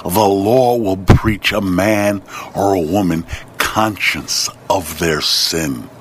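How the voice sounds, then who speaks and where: A man preaching with fervor, crying out and swinging between low murmurs and loud, high peaks. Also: slow, slight background noise. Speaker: Christian TV co-host.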